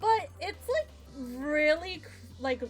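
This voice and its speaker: A woman's voice: high voice, sing-song, slow. A woman streamer giving casual, gushing, giggly gameplay commentary and chatting with her viewers.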